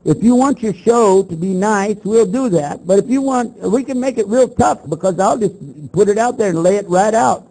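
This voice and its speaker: An older man lectures as a Muslim preacher, his voice pitched high for a man. The tone is warm and mellow rather than bright. He talks bluntly, fires rhetorical questions and slips into other voices to act out his stories. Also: moderate pace, hardly any pauses, low-quality recording. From Texas. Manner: animated storytelling, acts out both sides of the exchanges. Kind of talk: lecture to an audience.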